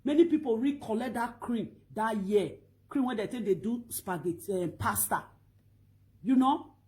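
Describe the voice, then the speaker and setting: A middle-aged woman with a Nigerian Pidgin accent, ranting loudly and emphatically to her online followers in a scolding, repetitive way. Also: on the high side, normal speed. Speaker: Facebook live video blogger. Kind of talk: animated ranting monologue.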